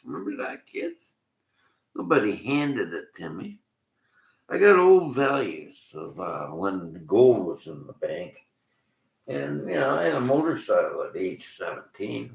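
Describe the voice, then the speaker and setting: Gravelly older man ranting slowly. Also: lowish voice, a bit bright, echoey room. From Canada. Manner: blunt, cursing, laughs between complaints. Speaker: vlogger. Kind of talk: ranting monologue.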